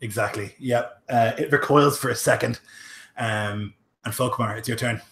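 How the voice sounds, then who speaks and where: A man's voice: mid-range voice, normal speed, creaky, a bit bright, a little hiss or hum. Male game master, chatty and filler-heavy, recorded in an echoey room. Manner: loose, chatty, lots of fillers and laughs. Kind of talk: running a tabletop game.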